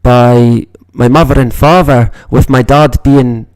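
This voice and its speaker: Slow-talking Scottish man, swearing freely. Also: medium pitch, steady tone, a little mellow, no room sound. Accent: Scottish, northeast Moray. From Scotland. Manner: rambling, swears constantly. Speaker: livestream host. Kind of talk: casual livestream chat.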